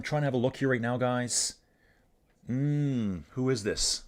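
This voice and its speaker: A man's voice: mid-range voice, measured pace. A man streaming live cycling commentary, rambling casually and calling his viewers dude and guys as he reads the chat. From Canada.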